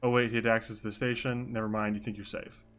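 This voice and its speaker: A man's voice: lowish voice, little pitch movement, fast talker, a bit bright. A young man streaming a role-play, narrating and reacting in a self-mocking, casually swearing way.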